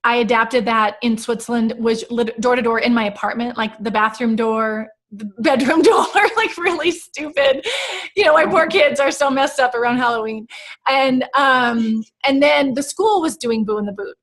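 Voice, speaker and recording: A woman from the United States hosting a casual chat, telling stories with animated emotion. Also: fairly high pitch, moderate pace. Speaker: host.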